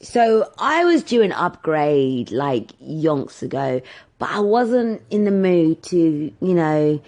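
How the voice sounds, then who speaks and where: A woman's voice: sits low, sing-song, takes it slowly, darkish tone. A woman vlogging, telling everyday stories in a chatty, exasperated way and swearing freely. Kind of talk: casual ranting storytime.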